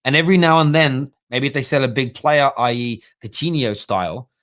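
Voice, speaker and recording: A man's voice: mid-range voice, a little fast, fairly bright tone. A man hosting a live-streamed football fan talk show, giving opinionated analysis and thinking aloud with restarts.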